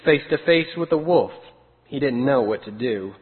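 A man reading a rhyming children's story aloud in a steady, sing-song way. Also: mid-range voice, moderate pace. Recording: tinny phone-like sound with long reverb.

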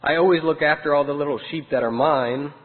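A man's voice: on the high side, brisk, natural voice. A man as a kind, caring shepherd. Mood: reassuring. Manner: gentle and reassuring, commanding when calling out. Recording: tinny phone-like sound with long reverb.

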